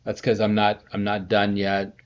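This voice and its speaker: A man's voice: fairly low pitch, monotone, moderate pace. A middle-aged man, a composer on a casual live stream from his home production studio, chatting in a rambling, friendly way while sleepy and yawning. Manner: rambling, friendly, greets viewers by name. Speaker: composer streaming a scoring session. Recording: slightly dull lo-fi stream audio.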